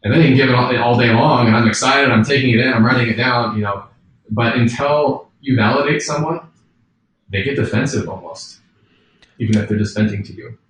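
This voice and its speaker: A man's voice: mid-range voice, fairly quick, a bit bright. A man answering as a podcast guest, earnest and storytelling, laughing easily. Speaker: guest author. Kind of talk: conversational interview answers. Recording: roomy, distant mic with faint background noise.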